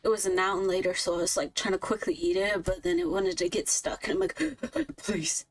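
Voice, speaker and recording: A woman's voice: lowish voice, steady tone, quick pace, rough recording. A woman co-hosting an improv stream, chatting casually and giggling now and then. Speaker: improv co-host. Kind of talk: casual chat.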